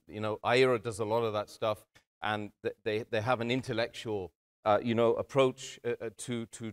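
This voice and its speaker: Earnest man giving a community talk. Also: medium pitch. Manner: earnest, addresses audience as brothers and sisters. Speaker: speaker addressing a community. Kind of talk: motivational talk.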